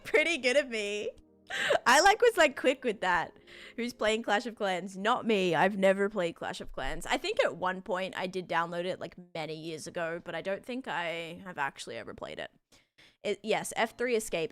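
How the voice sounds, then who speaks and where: A woman's voice: medium pitch, a bit bright. A young Australian woman chatting casually on a game stream, reading out chat and thanking supporters.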